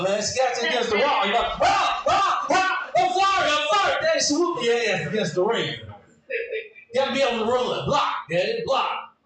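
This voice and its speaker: Dude doing standup, high voice, yells a lot, big echo, mic's far off. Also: male voice. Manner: animated, shouting, leaps between high put-on voices. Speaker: stand-up comedian. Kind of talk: stand-up set. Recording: echoey club room from off mic.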